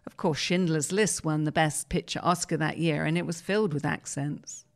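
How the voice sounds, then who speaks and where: A woman host reads a newspaper interview aloud in a measured, storytelling manner. Her voice is somewhat low. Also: steady tone, gravelly. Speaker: host reading articles. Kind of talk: reading a magazine article aloud.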